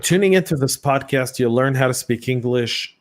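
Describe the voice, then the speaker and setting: A man's voice: mid-range voice, moderate pace. Chatty Southern US man co-hosting. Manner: chatty, with stammered restarts. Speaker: podcast co-host. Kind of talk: live podcast chat.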